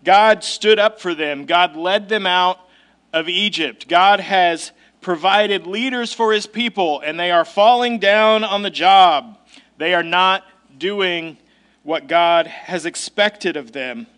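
High-voiced man preaching conversationally. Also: takes it slowly, fairly bright tone, smooth. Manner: conversational and emphatic, with casual asides. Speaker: pastor. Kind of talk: sermon.

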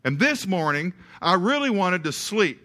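Bright-voiced preacher telling stories. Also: male voice, high voice, measured pace. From eastern Kentucky. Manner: folksy storyteller, animated, with repeated words and restarts. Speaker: pastor. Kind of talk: sermon with a humorous story.

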